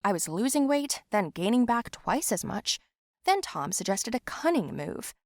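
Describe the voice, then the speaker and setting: A woman narrating a first-person animated story with expressive, animated delivery. Her pitch sits in the middle range. The recording is dry and close. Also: moderate pace, no room sound.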